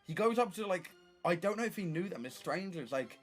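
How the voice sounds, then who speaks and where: A young man streaming, telling stories in casual chat, animated and swearing often. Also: high-pitched, fairly quick, soft background music.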